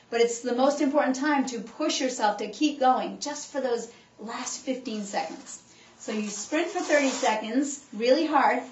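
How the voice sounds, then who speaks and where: A woman chiropractor giving an animated exercise talk, coaching her listeners along as she demonstrates. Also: sits high. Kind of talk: animated instructional talk to a group. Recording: echoey room, voice picked up from a distance, dull sound.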